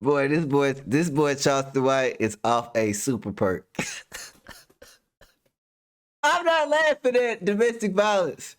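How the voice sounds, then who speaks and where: Young man, reaction commentator, slang-heavy, laughing, slightly high voice. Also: very animated, slow, long pauses, clear, resonant tone.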